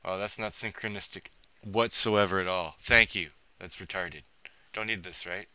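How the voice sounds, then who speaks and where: A man's voice: low voice, normal speed, pushed and bright, clean tone, dry recording. A man rambling through a monologue, swearing heavily and breaking off his sentences as he thinks aloud. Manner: profane, restless, thinking aloud; self-interrupting, trails off mid-sentence. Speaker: vlogger.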